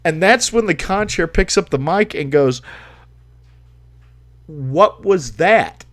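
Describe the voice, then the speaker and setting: Livestream host, male, fairly high voice, animated and foul-mouthed raconteur. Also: moderate pace. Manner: animated, swears freely, laughs while telling. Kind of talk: casual storytelling, profane.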